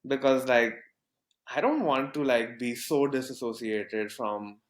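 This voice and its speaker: This podcast guest, a young man from Pakistan, takes his time over a loosely told story, stopping to restart and leaning on fillers. His mid-range voice has lively intonation, and the room sounds spacious.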